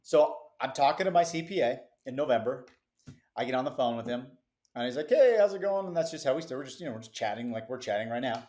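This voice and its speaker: A middle-aged business founder, a man, telling a lively story as a podcast guest, with quick asides and easy laughs. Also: medium pitch. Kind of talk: casual interview storytelling.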